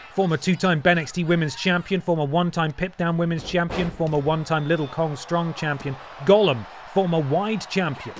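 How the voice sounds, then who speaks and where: A man's voice: fairly high pitch, a little hiss or hum. Jokey man commentating. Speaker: streamer host. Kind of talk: playful mock wrestling commentary.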